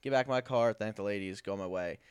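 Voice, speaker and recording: A man's voice: fairly low pitch, fast talker, smooth, no room sound. A man recounting a long road-trip story on a podcast, rambling and acting out what people told him. The sound is dry and close, with almost no room around it. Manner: rambling anecdote with acted-out quotes. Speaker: guest. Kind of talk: casual storytelling.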